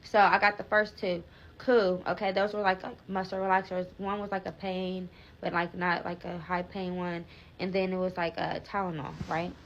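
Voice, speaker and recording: A woman's voice: lowish voice, level tone, normal speed, dull audio, slight background noise. A young woman telling a rambling storytime, filler-heavy and swearing freely, with frequent restarts. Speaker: vlogger. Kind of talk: casual storytime vlog.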